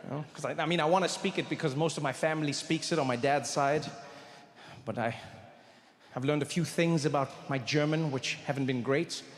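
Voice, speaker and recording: High-voiced man doing stand-up. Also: brisk, in a large hall. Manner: animated storytelling, acts out voices. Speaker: comedian. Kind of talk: stand-up comedy. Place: live comedy stage before an audience.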